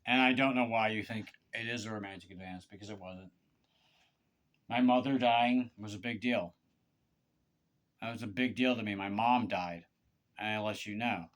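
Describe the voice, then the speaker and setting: A man giving a confessional monologue to one person, halting and aggrieved, with stammered restarts and repeated words. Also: on the low side. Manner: aggrieved, pleading. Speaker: vlogger.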